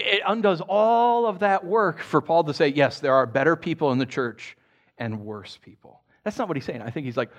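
Delivering a sermon to his congregation, a pastor stays conversational and lively, sprinkling in frequent "right?" tags. He turns quiet and low for the scripture readings.

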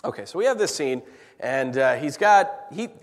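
A man preaching a sermon as pastor, animated, acting out voices as he retells the scene. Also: medium pitch, normal speed. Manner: animated, acts out voices in anecdotes. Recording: long hall reverb.

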